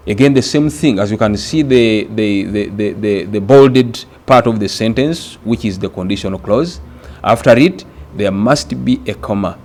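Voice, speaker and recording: A man from Uganda teaching an exam-prep grammar lesson, speaking deliberately and repeating words for emphasis. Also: fairly low pitch, darkish tone.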